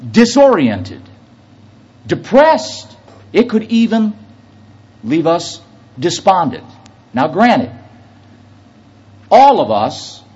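A man's voice: on the high side, darkish tone, husky, lo-fi sound. A man preaching a sermon, telling an anecdote and then building to emphatic preaching. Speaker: pastor.

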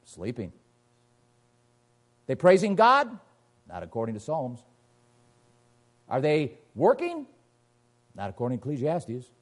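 A man's voice: wildly swooping pitch, measured pace, long pauses. A man preaching a sermon, emphatic, firing rhetorical questions and reading scripture aloud. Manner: emphatic, rhetorical questions, sweeping pitch swings.

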